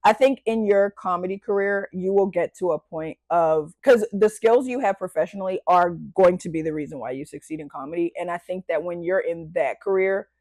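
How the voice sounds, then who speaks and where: Animated, swearing woman telling stories. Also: on the low side, brisk, hardly any pauses, dry recording. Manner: animated storytelling, swears freely, laughs often. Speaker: podcast guest. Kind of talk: casual chat. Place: podcast studio.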